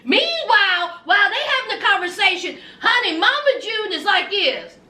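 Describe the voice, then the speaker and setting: Sassy, very high-voiced woman recapping. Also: very animated, normal speed, sharp tone, echoey room, distant mic. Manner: sassy, gossipy, addresses viewers. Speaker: recap vlogger. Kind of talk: casual reality-show recap.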